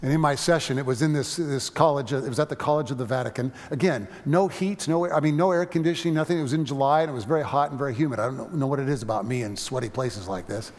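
A man preaching a sermon, telling a personal story with animated energy and frequent halting restarts. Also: mid-range voice, in a large hall. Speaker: pastor.

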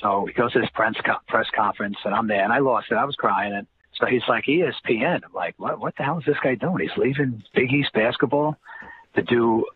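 A man's voice: medium pitch, fairly quick. A man, a guest telling stories in a casual interview and acting out quotes. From New Jersey. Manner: animated storyteller acting out quotes. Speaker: interview guest, former college basketball player. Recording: tinny phone-line audio, faint hiss.

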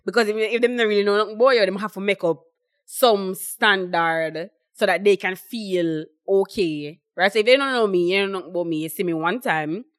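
A woman's voice: medium pitch, brisk, no echo, clean studio sound. A young woman with a Jamaican accent chatting casually on a podcast, rambling with lots of fillers and quoting what others say. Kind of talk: casual chat.

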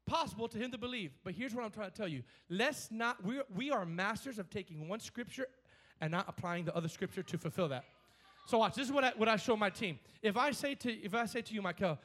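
A man with a notably high voice delivers a lively church sermon. He talks fast and excitedly, repeating words as he builds up, and he acts out scripture passages with laughter. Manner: energetic preaching, repeats words, dramatizes scripture quotes with laughs. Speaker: pastor.

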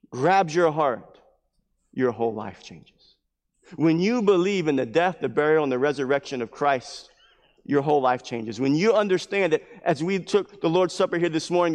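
A man's voice: on the high side, long reverb tail. A man pastor preaching a sermon at a church service, emphatic and repetitive, building his points with mounting fervor.

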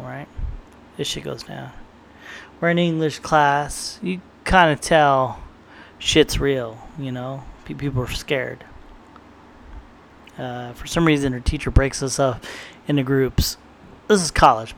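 A man's voice: medium pitch, vocal fry, slight background noise. A young man talking casually and profanely in a rambling podcast monologue, often quoting his own thoughts. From San Diego area, United States. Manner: rambling and profane, tells stories with quoted inner thoughts.

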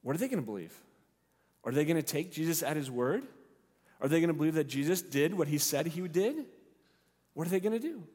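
Slightly high-voiced preacher in a reverberant hall. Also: male voice, a little fast, long pauses. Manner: expressive storytelling, acts out the characters' lines. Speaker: pastor. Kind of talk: sermon.

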